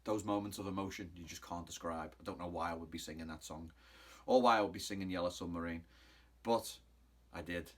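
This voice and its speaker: A man's voice: low-pitched, brisk. A man in his thirties recapping a football match in a casual, cheeky style, mocking rivals and wandering off topic. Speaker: football fan vlogger.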